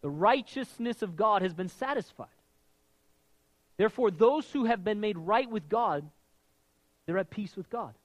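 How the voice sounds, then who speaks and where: High-pitched guy preaching a sermon, casual explaining style, lots of restarts, dry close sound. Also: expressive, measured pace, long pauses, no room sound, low-quality recording. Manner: conversational preaching with frequent restarts and "right?" asides. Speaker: pastor.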